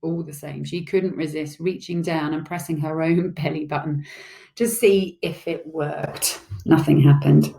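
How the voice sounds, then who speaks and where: A woman's voice: low voice, measured pace, creaky, slight background noise, poor audio. Woman reading a storybook aloud. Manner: expressive, voices all the parts. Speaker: audiobook narrator.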